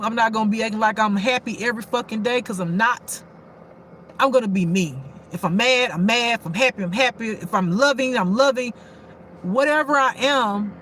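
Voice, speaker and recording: Woman, spiritual teacher, high-pitched, blunt and profane, preachy casual talk with faint background noise. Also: a bit bright. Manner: blunt, preachy and profane, repeating phrases for emphasis. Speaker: spiritual life teacher and channel host. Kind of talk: casual direct-to-camera talk to viewers.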